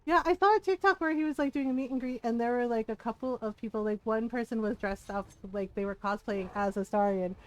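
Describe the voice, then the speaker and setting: A woman streams a game and chats casually to her viewers. She gushes and laughs a lot, swears freely, and her voice sits a little on the high side. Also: a little fast, hardly any pauses, poor audio. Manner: animated, gushing, laughs often, swears casually.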